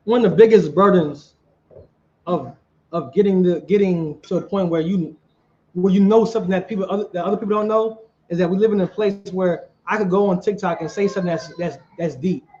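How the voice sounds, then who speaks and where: A man, preaching outdoors and quizzing the crowd in an animated way. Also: sits high, a little fast, highs cut off. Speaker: street preacher. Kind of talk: street preaching debate.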